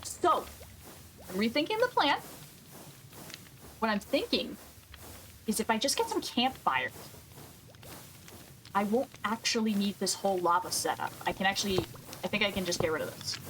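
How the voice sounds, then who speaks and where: A woman's voice: medium pitch, very animated, moderate pace, long pauses, fairly bright tone, a little hiss or hum. A woman streaming a game, thinking aloud and questioning herself as she works through a problem. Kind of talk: casual gameplay commentary.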